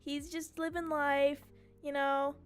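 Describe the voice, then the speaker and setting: A young woman streamer telling a story in casual chat, animated and swearing freely. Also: high voice, slow pace, faint music behind. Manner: chatty and animated, swears freely, mimics her cat's screams.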